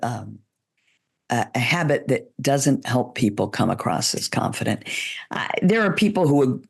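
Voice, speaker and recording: Woman, speaking coach, interview advice, deliberate, slight vocal fry. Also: darkish tone. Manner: measured, deliberate, demonstrates pitch shifts.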